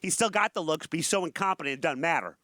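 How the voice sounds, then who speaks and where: A man's voice: fairly high pitch, racing, dry recording. A man co-hosting a morning talk show, joking wryly in casual chat and reading an article aloud. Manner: wry, joking, animated delivery.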